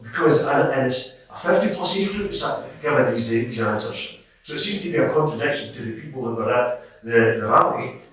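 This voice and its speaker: At a public meeting, a middle-aged Scottish man in the audience tells his story with passion, rambling and starting over as he goes. His medium-pitched, slightly bright voice is animated and fairly quick. A distant mic picks him up in an echoey hall.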